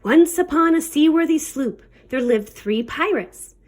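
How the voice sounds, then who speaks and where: A woman librarian reads a children's picture book aloud in a high, animated voice. She leans into playful pirate talk, and her pitch rises and falls widely with the story. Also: unhurried.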